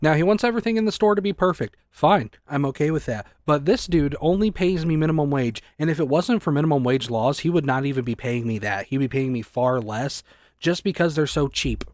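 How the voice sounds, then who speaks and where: A man in his twenties, a store clerk, ranting angrily and swearing a lot, often rising close to a shout. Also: fairly high pitch, animated, a little fast, no echo. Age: 20s. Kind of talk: angry rant to camera.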